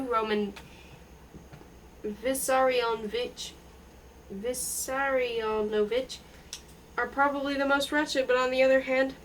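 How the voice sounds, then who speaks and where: A woman reading a novel aloud in an unhurried way, now and then stumbling and restarting words. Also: a little high, fairly bright tone, distant mic, slight background noise, poor audio. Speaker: audiobook reader.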